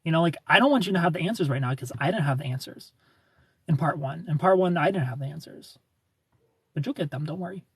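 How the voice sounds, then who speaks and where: High-voiced, husky young man livestreaming. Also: fast, no room sound. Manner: animated, rambling with repeated phrases and laughs. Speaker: livestream host. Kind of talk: casual livestream chat reading comments.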